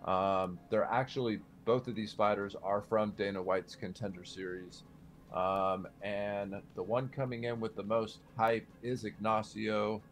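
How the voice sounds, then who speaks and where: A man's voice: lowish voice, level tone, measured pace. A man co-hosting a casual sports betting podcast, hesitant and heavy on ums and uhs. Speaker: podcast co-host.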